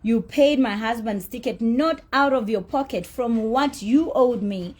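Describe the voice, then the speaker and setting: Woman, raised pitch, husky tone; candid celebrity monologue, indignant and profane. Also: unhurried, darkish tone. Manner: blunt, indignant storytelling with profanity; emphatic repetition. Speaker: celebrity telling her side of a dispute.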